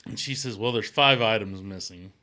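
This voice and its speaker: A man's voice: lowish voice, moderate pace, pushed and bright. Rambling, swearing man telling a story. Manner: rambling, acts out quotes in raised voices, swears. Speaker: podcast co-host. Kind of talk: casual storytelling chat.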